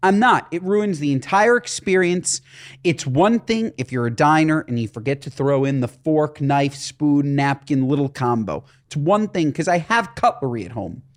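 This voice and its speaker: A man's voice: a little high, animated, moderate pace. A man co-hosting a comedy podcast, ranting in exasperated comic bursts. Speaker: podcast co-host. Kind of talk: comedic casual podcast chat.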